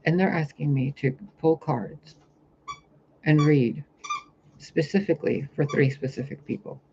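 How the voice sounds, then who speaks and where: Gravelly man rambling intensely to camera. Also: a little high, unhurried. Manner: rambling, intense, swears often. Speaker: spiritual reader. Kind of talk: vlog monologue about a vision. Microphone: camera mic, talking to camera. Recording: dull lo-fi sound with faint hiss.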